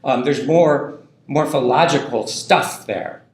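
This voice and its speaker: A man's voice: medium pitch, slow. Chatty male lecturer in an echoey classroom. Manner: loose and conversational, many ums and tag questions. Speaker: university linguistics lecturer. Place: university lecture room.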